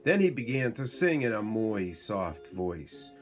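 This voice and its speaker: A man reading a bedtime story aloud to his child, in a slow, unhurried way. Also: fairly low pitch, big pitch swings, faint music behind. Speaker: father reading to his son.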